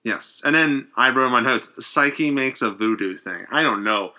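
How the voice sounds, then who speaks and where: Man, casual co-host, very bright edgy tone, lively swooping delivery, acts out lines. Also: mid-range voice, normal speed. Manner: animated, acts out quotes in varied voices, swears freely. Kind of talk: casual chat recapping a horror episode.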